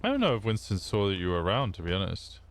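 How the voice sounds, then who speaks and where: A man's voice: low-pitched, wildly swooping pitch, quick pace, slight background noise. A young British man streaming a roleplay game, chatting casually and explaining at length, swearing freely.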